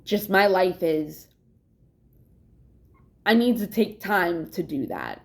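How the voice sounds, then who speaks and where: A woman's voice: lowish voice, gravelly, darkish tone. A young adult woman talking candidly in a casual personal vlog, rambling, swearing often and laughing between thoughts. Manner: yawns to catch her breath. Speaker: vlogger.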